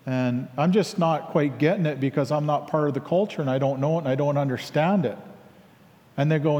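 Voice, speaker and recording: Halting storytelling man in reverberant space. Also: a little high, darkish tone. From Canada. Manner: reflective, halting with frequent fillers, acts out both sides of dialogue. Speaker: speaker sharing his life story. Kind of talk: personal storytelling talk.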